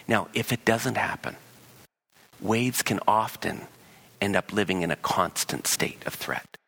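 Gravelly, forceful male preacher. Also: fairly low pitch, measured pace. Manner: animated, acts out voices in quoted dialogue. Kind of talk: sermon.

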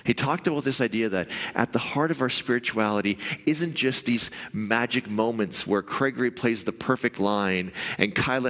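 A male pastor giving a conversational sermon, now and then acting out the voice in your head in a higher, pushier tone. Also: a bit bright, long reverb tail. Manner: conversational, acts out inner voices in a raised pitch.

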